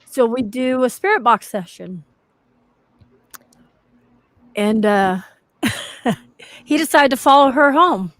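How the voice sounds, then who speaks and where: A woman's voice: a little high, measured pace, no room sound. A woman paranormal investigator rambling through a story in casual chat, often restarting her sentences.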